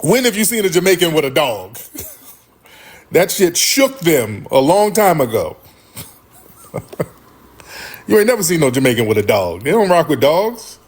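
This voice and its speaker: A man hosting a live stream, talking casually with loud laughter and profane banter. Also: a little high, big pitch swings, normal speed, long pauses, breathy edge. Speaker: livestream host.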